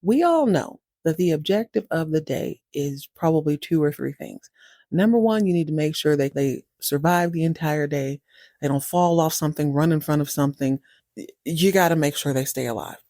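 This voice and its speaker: A woman's voice: deep voice, lively intonation, normal speed, warm tone, no room sound, studio quality. A woman host casually recapping a TV series, chatty and wry, laughing often and acting out the characters' lines.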